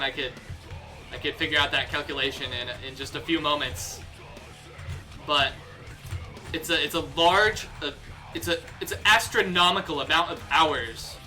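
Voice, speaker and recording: An American young man rants on a casual livestream, riled up, heated and cursing, frequently stumbling and starting sentences over. His very bright voice sits a bit high for a man. Soft guitar music plays underneath.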